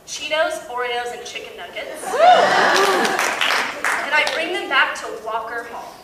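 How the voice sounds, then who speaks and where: A young woman doing a stand-up comedy set in a large hall before a live audience. She tells stories in an animated way and often breaks into laughter, and she is heard from far off with loud audience noise. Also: high-pitched, unhurried, over a noisy crowd. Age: young adult. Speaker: student comedian.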